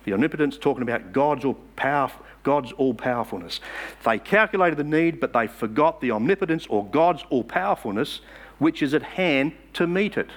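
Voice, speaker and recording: A man's voice: mid-range voice, lively intonation, normal speed. A man preaching a sermon in church, emphatic and asking the congregation rhetorical questions.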